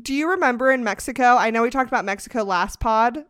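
A woman's voice: a little high, fast, a bit bright, smooth. A young adult woman co-hosting a podcast, teasing and bantering playfully in casual chat. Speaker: podcast co-host.

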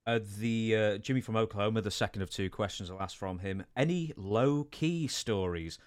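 A man's voice: lowish voice, moderate pace, no echo. A man hosting a podcast, reading listener questions with hesitant fillers. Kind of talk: casual interview chat.

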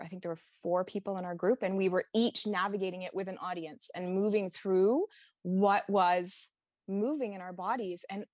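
A woman's voice: lowish voice, dry recording, clean studio sound. A woman guest on a podcast telling a personal story openly and emotionally, laughing now and then as she talks. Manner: open, emotional, laughs while recalling.

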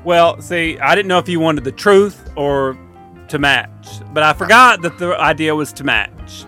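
Man, comedy co-host, wry, self-deprecating, high voice, very animated. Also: a little slow, music in the background. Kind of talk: comedic game segment banter.

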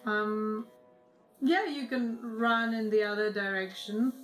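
A woman narrating as game master of a tabletop role-playing game, calm and unhurried, with frequent ums. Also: fairly high pitch, echoey room, faint music behind, poor audio.

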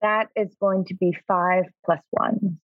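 A woman playing a tabletop role-playing game, speaking briskly and matter-of-factly. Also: on the low side, fairly even intonation. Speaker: player. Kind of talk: casual tabletop play. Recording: dull, dry lo-fi mic.

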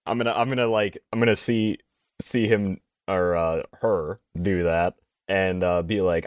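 A jokey tabletop player with a low voice who rambles through his moves and laughs at his own lines. His voice sits close and dry on the mic. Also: fairly even intonation, unhurried, clear, resonant tone, no echo, muffled recording. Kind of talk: casual tabletop banter.

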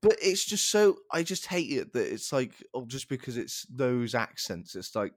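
A man sounding off in an exasperated rant, his pitch swinging widely as he gets worked up. He swears casually, and his voice sits dry and close to the mic, with no room around it. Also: very animated, moderate pace, few pauses, no room sound. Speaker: podcast co-host. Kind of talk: casual chat.

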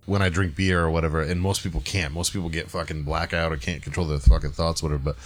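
A man's voice: very deep voice, flat delivery, quick pace. A man co-hosting a podcast who tells long, rambling stories in casual chat, swearing freely. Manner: rambling, profane storytelling. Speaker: podcast co-host.

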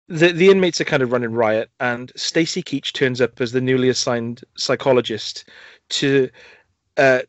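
A young man talks films on a podcast, piling up "like" and "um" as he retells scenes he loves. His voice sits at an ordinary middle pitch. The recording is muffled and lo-fi, with a dry sound and no room echo. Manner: enthusiastic, rambling storyteller with many fillers and restarts. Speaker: film podcast host. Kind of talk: casual chat reviewing films.

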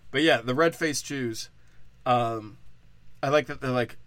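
Give me a tipsy man with a bright voice on a crude, rambling comedy podcast who keeps breaking off mid-thought. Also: medium pitch, unhurried, pauses often. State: tipsy from tequila.

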